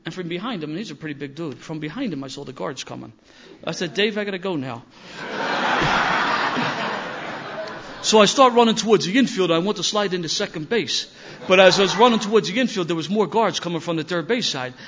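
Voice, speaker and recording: An older man tells a story in a rough-edged, self-mocking way. His voice sits fairly high for a man, and he gets louder and livelier as the tale builds. The recording sounds dull and lo-fi. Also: fairly quick, noisy background. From Philadelphia. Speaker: speaker sharing recovery story. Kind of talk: storytelling talk to an audience.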